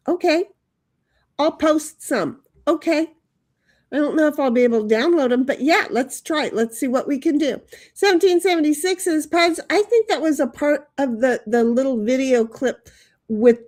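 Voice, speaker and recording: This woman hosts a livestream, chatting casually and reading out viewer comments. She rambles from story to story, laughs often, and her voice sits a bit high. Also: normal speed, darkish tone. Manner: rambling, laughs often, breaks into sung jingles. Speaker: livestream host.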